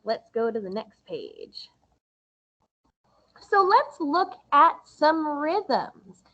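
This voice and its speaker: A woman music teacher giving a recorded lesson to young children, explaining slowly and patiently in a sing-song way. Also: high voice, sing-song, fairly bright tone, dull audio.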